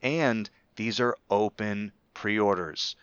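A man's voice: lowish voice, slow, a bit bright, smooth, no room sound, highs cut off. A man in casual podcast chat, talkative and rambling with many restarts. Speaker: podcast co-host.

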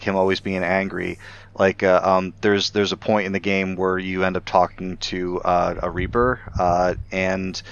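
A man with a low, smooth voice chatting eagerly about a game. He piles on fillers and restarts as his enthusiasm runs ahead of him. The sound is a little dull, as if from a lo-fi recording. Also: fairly bright tone. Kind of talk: casual gaming chat.

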